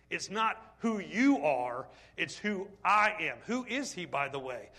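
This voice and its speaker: A man preaching a sermon, animated and full of questions to the congregation. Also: sits high, normal speed, hardly any pauses. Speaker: pastor.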